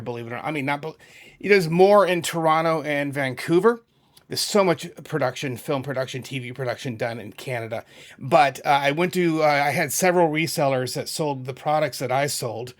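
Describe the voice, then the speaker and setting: A middle-aged man from New England hosting his channel, chatting casually and rambling into asides and self-corrections while talking over a map. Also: on the high side. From New England, USA. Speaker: YouTube music channel host.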